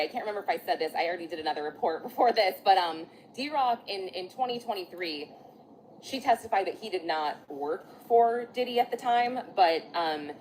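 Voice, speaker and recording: A woman with a fairly low voice talks through a casual recap outdoors, chatty and loose, leaning on fillers and restarting her sentences. A faint ambient hum sits behind her. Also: low-quality recording. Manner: chatty, full of fillers and restarts, apologizes for slips. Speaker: vlogger recapping court testimony. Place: outdoors in bright sun.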